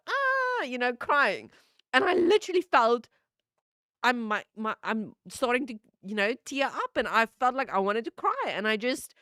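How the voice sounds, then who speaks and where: A woman in her thirties streaming from home, telling a story in an animated way, laughing and swearing. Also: no room sound, studio quality. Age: 30s. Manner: animated, laughing, swearing, lively pitch jumps. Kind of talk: casual storytelling chat.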